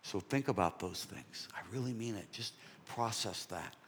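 A man giving a sermon testimony, telling his story in an animated way and dropping to soft whispers. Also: fairly low pitch, normal speed, slight background noise.

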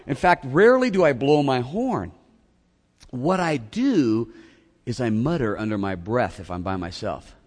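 At a measured pace and in a mid-range voice, a middle-aged pastor preaches a sermon built around a story in which he pokes fun at himself. His telling is animated, with acted-out shouting, and the recording carries long hall reverb.

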